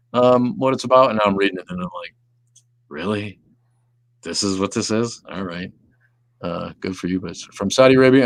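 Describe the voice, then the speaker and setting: A man's voice: low voice, a bit bright, no room sound. A man hosting a casual livestream, reading viewer comments and rambling profanely, often trailing off into mumbles. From Southeast Wisconsin. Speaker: livestream host.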